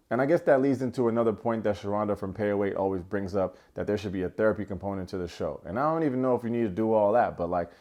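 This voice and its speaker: A man's voice: on the low side, darkish tone. A young man giving a casual, joking recap of a reality show, acting out quotes in funny voices. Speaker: recap vlogger.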